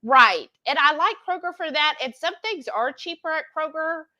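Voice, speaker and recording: A woman with a bright, fairly high voice chats casually on a live cooking stream. She reads viewers' comments aloud in a lively, easygoing way. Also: normal speed, highs cut off. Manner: chatty, reads out comments with a laugh.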